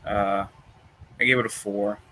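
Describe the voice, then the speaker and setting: A man's voice: on the low side, steady tone, a little slow, sharp tone, slightly rough, low-quality recording. A young man in casual chat, rambling and tired, yawning between thoughts, with many fillers and restarts. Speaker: vlogger reviewing wrestling shows.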